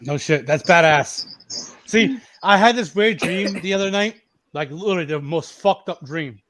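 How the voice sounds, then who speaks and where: A man's voice: high voice, moderate pace, a bit bright. A man in his thirties from Massachusetts, telling long rambling stories full of swearing in casual voice chat. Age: 30s. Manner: rambling, profane, repeats himself.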